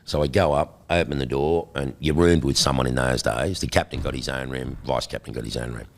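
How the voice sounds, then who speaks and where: Deep-voiced Australian man telling stories. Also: brisk, vocal fry. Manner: animated storyteller, acts out quoted voices. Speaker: guest. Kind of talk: storytelling interview.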